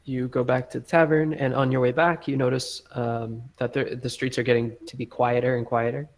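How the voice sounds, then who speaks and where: Gravelly-voiced man running a tabletop game. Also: mid-range voice, little pitch movement, fairly quick, low-quality recording. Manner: rambling, filler-heavy, lots of "like" and "um". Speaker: game master.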